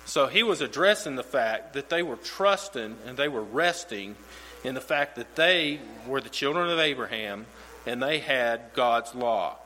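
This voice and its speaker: Bright-voiced man teaching in a hall. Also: mid-range voice, lively intonation, measured pace. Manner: conversational, repeats words when restarting. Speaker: Bible teacher. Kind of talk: Bible study teaching. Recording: reverberant hall with mains hum.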